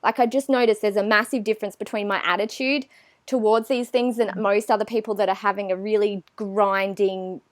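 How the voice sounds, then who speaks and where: A woman's voice: medium pitch, steady tone, fairly quick, no room sound. A woman, chatting animatedly as an interview guest and acting out her own thoughts. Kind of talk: casual interview chat.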